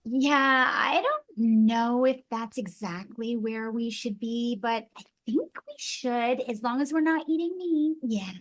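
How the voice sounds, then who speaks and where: A woman voicing an earnest, eco-minded young woman who speaks in a slow, hesitant drawl. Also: on the high side, no echo.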